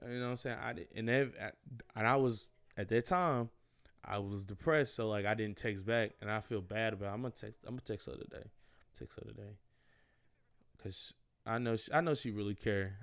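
A man's voice: fairly low pitch, smooth. A young man hosting a solo podcast, talking casually in an earnest, rambling way, full of slang and repeated phrases. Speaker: podcast host.

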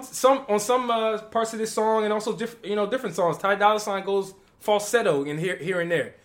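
A man co-hosting a hip hop podcast, chatting casually and jokingly about new songs with lots of fillers. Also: high-pitched. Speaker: podcast co-host. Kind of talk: casual music review chat.

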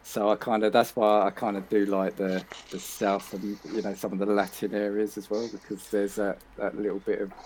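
A British man on a podcast, chatting in a relaxed, self-deprecating way and laughing as he talks. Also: on the low side, normal speed, few pauses, slight background noise. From Britain. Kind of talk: casual chat.

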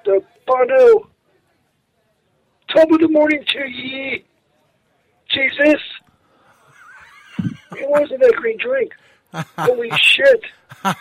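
A man voicing a rambling, tipsy Saint Patrick in a halting, slurred voicemail. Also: very high-pitched, creaky, muffled recording, heavily acted.

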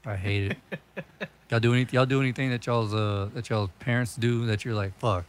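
A man's voice: mid-range voice, fairly even intonation, normal speed, clean tone. A young man hosting a podcast, chatting casually, swearing a lot and laughing through rambling stories. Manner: profane, laughs often, rambling storytelling. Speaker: podcast host. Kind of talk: casual chat.

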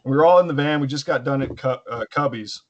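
A man's voice: mid-range voice, fast, dull audio. A man in casual crude banter with coworkers, swearing and laughing as he tells a story.

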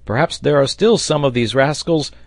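A man voicing a bold, excitable sailor who bursts out in loud, hearty cries. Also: mid-range voice, moderate pace, no room sound, voice pushed up, close to an everyday voice. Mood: excited. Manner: loud exclamations, hearty and blustering.

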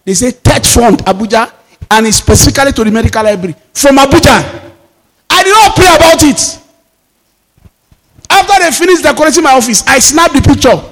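High-voiced Nigerian preacher in reverberant hall. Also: male voice, a little fast, pauses often. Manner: fervent preaching that rises into shouted declarations. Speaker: pastor. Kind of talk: sermon.

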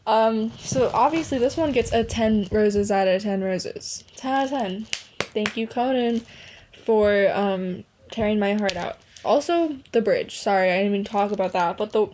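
A woman's voice: mid-range voice, darkish tone. A young woman casually chatting about songs she loves, gushing and emotional, with lots of "like". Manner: gushing, emotional, heavy use of "like". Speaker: podcast host. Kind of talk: casual music review chat.

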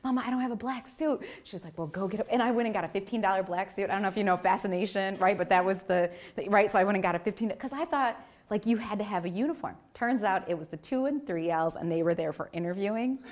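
Woman giving a keynote, super animated, jumps way up when she acts out her folks, live cafe event. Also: quick pace. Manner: animated, acts out family voices with big pitch jumps. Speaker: keynote speaker. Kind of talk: lively storytelling speech.

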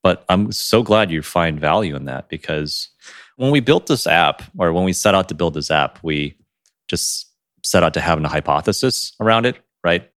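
A man co-hosting a podcast in casual chat, animated and quick to laugh. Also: low voice, no room sound, studio quality. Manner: animated, laughs often, words tumbling fast. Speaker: podcast co-host.

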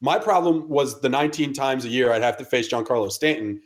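Young dude ranting on a sports podcast, blunt, rapid-fire. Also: male voice, mid-range voice, steady tone. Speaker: podcast co-host. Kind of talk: casual sports chat.

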